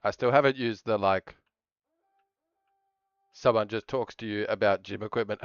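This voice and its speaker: A man's voice: on the low side, fairly even intonation, moderate pace, long pauses, clear, resonant tone, no room sound, dull audio. A man streaming casually, rambling and joking, often breaking off mid-sentence. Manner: rambling, jokey, self-interrupting. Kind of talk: casual live-stream chatter.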